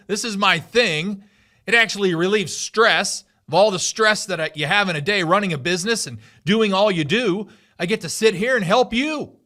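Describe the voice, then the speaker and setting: A man's voice: sits high, bright, forceful tone. A middle-aged man hosting a podcast, giving an emphatic motivational monologue with lots of repetition. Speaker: podcast host.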